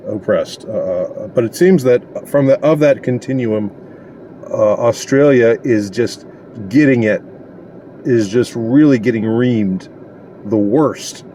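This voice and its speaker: A man giving a casual opinion monologue, indignant and sarcastic, pausing often as he talks. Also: on the low side, warm tone, slight background noise. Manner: indignant and sarcastic, halting with many pauses. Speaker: commentator.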